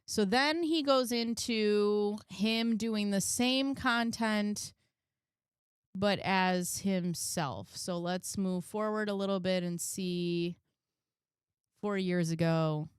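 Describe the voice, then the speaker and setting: Woman reaction host, slow and unhurried delivery, smooth voice, lots of ums. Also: medium pitch, no room sound, clean studio sound. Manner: slow, musing, filler-heavy. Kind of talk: casual video reaction chat.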